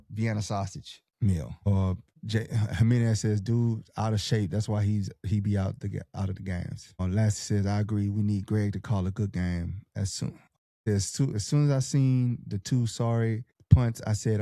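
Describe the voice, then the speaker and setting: Fired-up slangy podcast host with a mellow voice. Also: male voice, on the low side, dry recording, clean studio sound. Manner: fired-up, slangy pep-talk delivery. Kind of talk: casual sports podcast chat, reading live comments.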